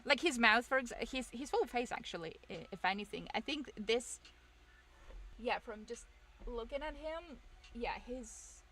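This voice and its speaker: A woman's voice: a little high, animated, moderate pace, sharp tone, slight background noise. A young woman streamer chatting casually with her viewers, rambling, self-deprecating and laughing often.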